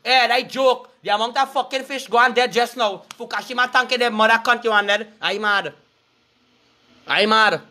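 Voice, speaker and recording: High, sharp-voiced Trinidadian man ranting. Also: moderate pace. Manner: angry, cursing, threatening. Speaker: online commentator. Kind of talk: profane street rant.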